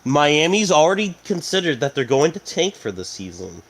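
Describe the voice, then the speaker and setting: A young male podcast cohost riffs on football in loose, joking banter, full of restarts and fillers. His voice sits on the higher side for a man. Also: sing-song, normal speed. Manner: rambling, joking, many fillers. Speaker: podcast co-host. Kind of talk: casual sports banter.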